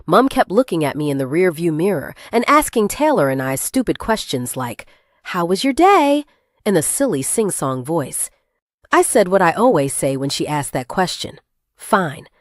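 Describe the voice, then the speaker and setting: A woman reading a first-person thriller aloud as an audiobook narrator, with expressive, shifting intonation. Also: sits low, no room sound, studio quality.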